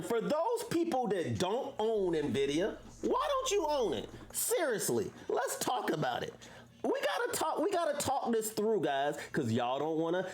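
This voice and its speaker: Animated sounding woman livestreaming. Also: on the high side. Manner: animated, preachy, rhetorical questions. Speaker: livestream host. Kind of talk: casual livestream chat with viewers.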